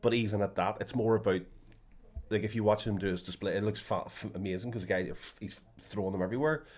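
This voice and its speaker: A man's voice: on the low side, quick pace, a little mellow. A man, co-hosting a podcast in casual chat, rambling and laughing while acting out quotes. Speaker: podcast co-host.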